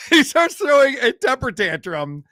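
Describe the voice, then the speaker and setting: A male host gives joking, sarcastic commentary on police clips in a high, bright voice. The recording is dry and close. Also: very animated, unhurried, no room sound. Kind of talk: casual commentary on police videos.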